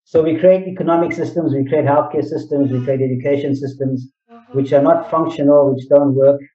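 A man's voice: a little high, steady tone, brisk. A man guest in an interview, speaking earnestly and explaining his points through analogies and rhetorical questions. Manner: earnest, repeats phrases, asks rhetorical questions. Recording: distant, roomy, dull-sounding mic.

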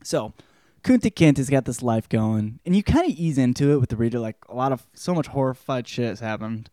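A man's voice: mid-range voice, lively intonation, brisk, warm tone, dry recording, clean studio sound. A rambling, profane man recapping a book. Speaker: podcast host. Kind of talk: casual spoken book report.

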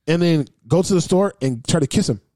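Fast-talking, swearing man telling stories. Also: fairly high pitch, expressive, crowd noise. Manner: fast, swearing, acts out others' lines. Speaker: storyteller in a group chat. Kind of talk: casual profane storytelling.

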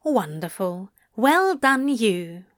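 A dry, plummy male angel, as a woman reads him, polite and patient, speaking slowly in a measured way. The voice has lively ups and downs, and the recording is close and dry. It comes from a storybook reading. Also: medium pitch, dry recording. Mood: wry.

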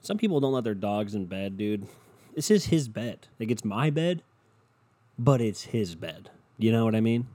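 A man's voice: fairly low pitch, very animated, moderate pace, mellow. A young man hosting a casual solo podcast from home, rambling and swearing with a sardonic edge. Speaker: podcast host. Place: at home in bed with his dog. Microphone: home podcast mic.

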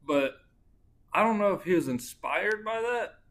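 Higher-voiced man in casual podcast chat. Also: animated, unhurried, vocal fry, a bit bright. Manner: informal, filler-heavy, agreeing often. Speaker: podcast co-host. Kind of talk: casual true-crime chat.

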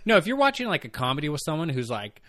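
A man's voice: fairly high pitch, sing-song, racing, bright, forceful tone, dry recording, clean studio sound. A man co-hosting a podcast in casual chat, telling everyday stories and acting out what he said. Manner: storytelling, acts out his own lines. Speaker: podcast co-host.

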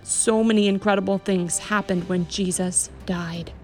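A woman teaching a Bible story to children, speaking gently and emphatically with a lot of rise and fall in her voice. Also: medium pitch, steady tone, a little slow, faint music behind.

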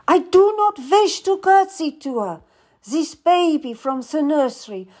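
A woman's voice: high voice, sing-song, slow, darkish tone, pitched above the performer's own voice, full character voice. A woman reading aloud, voicing a grieving young noblewoman who pleads for honest advice. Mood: distraught.

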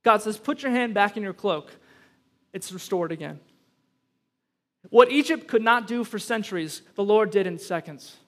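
Reading scripture and then hammering home his points with chatty asides to the congregation, a male pastor preaches in a high, animated voice at a moderate pace with long pauses. His delivery is emphatic, swelling loud at the key moments.

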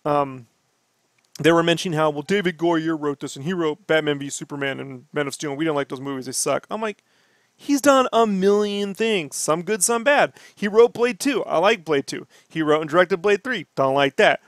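A man hosting a casual podcast, ranting and swearing in an animated way. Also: a little high, normal speed, dry recording, studio quality. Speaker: podcast host.

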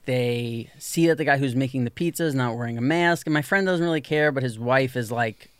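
A man's voice: mid-range voice, a little fast, clean tone, no echo. A man telling a long story in casual podcast chat, full of "like" and acting out what people said. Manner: animated storyteller, lots of "like", acts out quoted people.

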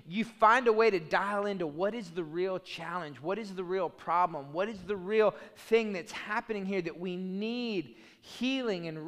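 In a large hall, a man preaching a sermon alternates fiery, loud outbursts with quiet, low asides, his delivery passionate throughout.

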